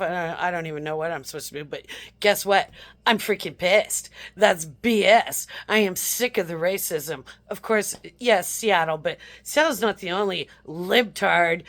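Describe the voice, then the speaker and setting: A woman's voice: lowish voice, fairly bright tone. Woman, angry storytelling, indignant, outraged, vlog rant. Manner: indignant, recounting phone calls with quoted voices. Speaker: vlogger.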